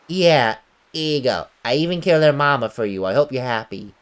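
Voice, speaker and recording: A woman's voice: extremely low pitch, expressive, a little fast. A woman playing a video game and chatting casually, with wry, sarcastic asides. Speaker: let's play gamer. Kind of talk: casual gameplay commentary. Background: faint game music.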